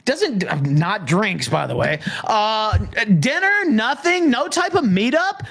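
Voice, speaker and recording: A man's voice: high voice, very animated, slow pace, gravelly, fairly bright tone. A man in a heated podcast argument, aggrieved and profane as he airs his complaints. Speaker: podcast guest.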